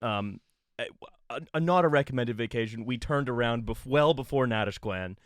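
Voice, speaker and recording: Comedy podcast co-host, man from Canada. Halting, self-interrupting storyteller, laughs often. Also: mid-range voice, lively intonation, clean tone, no echo, studio quality. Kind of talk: casual comedic chat.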